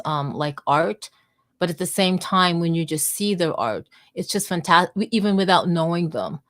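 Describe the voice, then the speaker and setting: Female host, casual storyteller, slightly low pitch. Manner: chatty storyteller, many restarts. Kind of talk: casual chat on an audio space.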